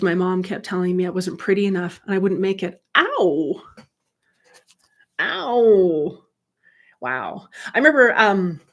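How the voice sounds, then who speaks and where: A woman's voice: mid-range voice, a bit bright. Chatty woman medium on a livestream. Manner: chatty and candid, reads viewer comments aloud. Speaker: medium and life coach hosting a livestream. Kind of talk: casual livestream chat.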